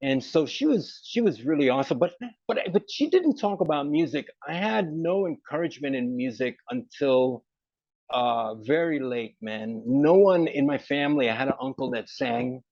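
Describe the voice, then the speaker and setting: A man, a musician guest in an interview, telling rambling, animated stories. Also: medium pitch, moderate pace, no room sound, dull audio. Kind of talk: casual interview.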